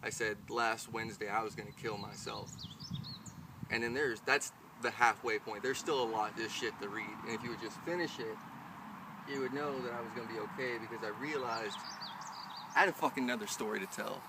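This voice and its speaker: A man's voice: fairly low pitch, steady tone, brisk, background noise. Profane, intense young man telling a story. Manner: profane, intense, builds to heated outbursts. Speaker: spoken word performer. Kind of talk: confessional storytelling and spoken word poetry. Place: live show.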